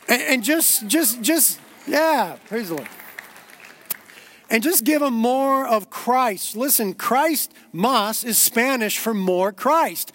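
A man's voice: very high voice, expressive, slow pace, a bit bright. A man preaching a sermon as pastor, earnest and growing emphatic, with repeated words as he builds.

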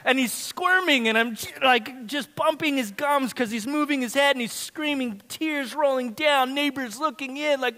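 A man in his thirties preaching a sermon as a dad telling family stories, animated and swinging from loud to hushed. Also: very high voice, normal speed, hardly any pauses. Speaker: pastor. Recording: long hall reverb.

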